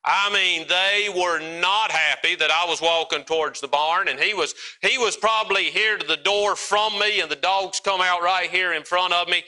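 A man's voice: sits high, pushed and bright, low-quality recording. A man preaching a sermon at a church service, telling a down-home story in a folksy, earnest way.

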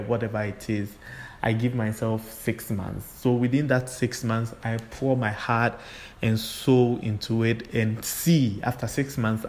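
Flat-voiced low man hosting a podcast. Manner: unhurried, reflective, with frequent fillers. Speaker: podcast host. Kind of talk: solo podcast monologue.

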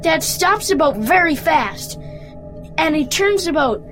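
A woman's voice: high voice, expressive, measured pace, fairly bright tone. A woman reading a short story aloud carefully, with small stumbles. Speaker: story reader. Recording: music playing underneath.

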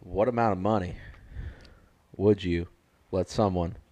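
Low-voiced, teasing young man. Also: measured pace, no room sound, highs cut off. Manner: teasing, deadpan jokes. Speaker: podcast co-host. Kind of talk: casual crude chat.

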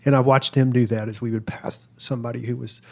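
A man co-hosts a relaxed podcast conversation in an ordinary mid-range voice. He tells a personal story reflectively, pausing and restarting his sentences as he works through his thoughts. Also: mid-range voice, creaky. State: father of a toddler. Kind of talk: casual conversation.

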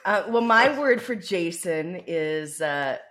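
A woman's voice: fairly low pitch, animated, takes it slowly, fairly bright tone. A woman with a Canadian accent co-hosting a podcast in casual, teasing chat. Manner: teasing, chatty, many fillers. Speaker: co-host.

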